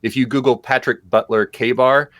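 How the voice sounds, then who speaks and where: A man's voice: mid-range voice, fairly even intonation, normal speed, a bit bright, no echo. A man co-hosting a live stream, answering viewer questions in a loose, rambling way with lots of fillers. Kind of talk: casual live-stream chat.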